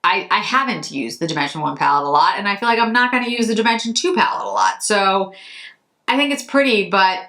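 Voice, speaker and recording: Bright-voiced chatty woman beauty vlogger. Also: mid-range voice, animated, fairly quick. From Massachusetts, US. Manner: chatty, rambling, self-correcting. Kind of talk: casual chat.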